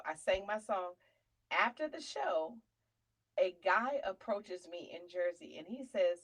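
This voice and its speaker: A woman comedian and show host telling a funny personal story, chatty and animated, calling listeners honey and slipping into faith testimony. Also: medium pitch, low-quality recording. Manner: testimony-style preaching about faith.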